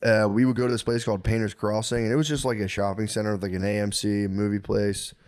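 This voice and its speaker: A man in his thirties with a lowish voice, co-hosting a comedy podcast. He rambles through his stories in casual chat, full of "like" and "you know," and drops lower and quieter when he grows reflective. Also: flat delivery, fast. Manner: rambling, filler-heavy storytelling. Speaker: podcast co-host.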